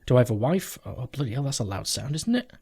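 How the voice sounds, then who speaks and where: A man's voice: medium pitch, very animated, quick pace, vocal fry, darkish tone, slight background noise. A man hosting a let's play from home, rambling through game commentary, joking and swearing casually as he goes.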